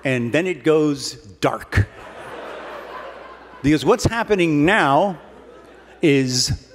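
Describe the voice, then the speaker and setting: A man with a somewhat high voice delivers a comic keynote story in a wry, dry manner. He speaks from a stage in a large hall before an audience. The long reverb of the hall trails his words, with faint noise underneath. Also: lively intonation, extremely slow.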